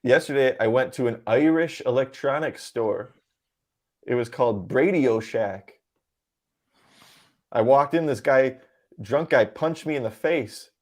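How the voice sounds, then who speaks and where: A man co-hosting a comedy podcast, telling one-liner jokes in a deadpan way. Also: mid-range voice, unhurried, pauses often. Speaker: podcast co-host.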